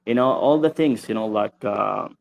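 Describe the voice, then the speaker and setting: Hesitant male caller, gravelly, evasive. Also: fairly low pitch, normal speed, a little mellow. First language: Arabic. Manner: evasive, hesitant, full of fillers. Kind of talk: hesitant call-in talk.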